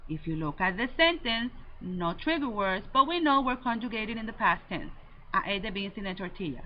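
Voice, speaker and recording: A woman Spanish teacher giving a recorded lesson, slowly and deliberately drilling verb endings. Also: medium pitch, lively intonation. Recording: slightly dull lo-fi audio with faint noise.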